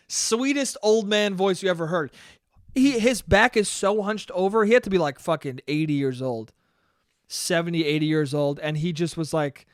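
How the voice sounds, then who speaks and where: A man hosting his own podcast, telling stories in a casual, profane way and often laughing at himself. His voice is fairly high and smooth. The sound is dry and close. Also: moderate pace, dry recording. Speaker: podcast host. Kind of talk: casual solo storytelling podcast.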